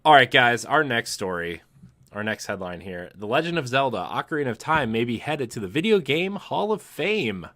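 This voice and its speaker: A man's voice: mid-range voice, big pitch swings, normal speed, fairly bright tone, no echo. A man hosting a casual gaming podcast, steering the chat and reading news headlines aloud. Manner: steers the talk, reads news items aloud. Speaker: podcast host.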